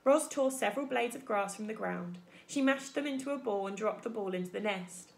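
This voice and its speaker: A woman teacher reading a children's book aloud in an expressive storytelling manner. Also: mid-range voice, brisk, creaky, few pauses. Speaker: primary school teacher.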